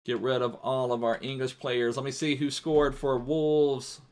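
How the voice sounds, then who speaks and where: A man's voice: mid-range voice, little pitch movement, measured pace, darkish tone. A man streaming a football video game live, chatting casually, thinking aloud and talking to his viewers. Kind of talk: live gaming stream commentary.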